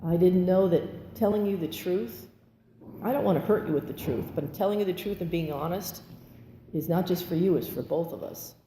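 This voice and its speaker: Woman, recovery meeting speaker, candid testimony, animated, echoey hall, faint room ambience. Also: lowish voice, moderate pace, a little hiss or hum. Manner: candid, animated, acts out quotes with laughter. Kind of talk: personal testimony.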